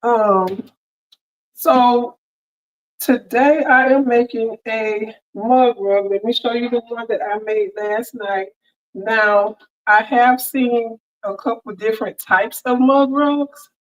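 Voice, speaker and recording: A woman with a fairly high voice and a mostly even intonation speaks slowly on a muffled recording. She's hosting a laid-back sewing livestream over a headset mic, chatting in a friendly way and greeting viewers by name.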